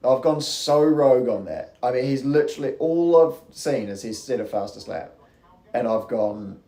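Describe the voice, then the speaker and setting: Bloke rambling thru race commentary, swears a lot, warm tone. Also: male voice, mid-range voice, animated, moderate pace, reverberant. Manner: rambling, chatty, swears freely. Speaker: racing commentator and streamer. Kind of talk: casual live-stream race commentary.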